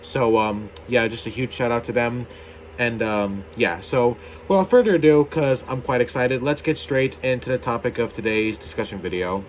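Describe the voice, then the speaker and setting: A man's voice: medium pitch, moderate pace, a little hiss or hum. A young adult man hosting his own video channel, ranting in a heated, indignant way and swearing casually. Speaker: YouTuber.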